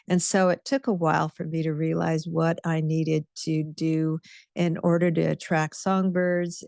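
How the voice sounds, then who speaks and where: Low gravelly woman telling a story. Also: a little mellow, no echo, clean studio sound. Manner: conversational storytelling, reflective. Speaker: guest speaker, author. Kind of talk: illustrated talk with slides.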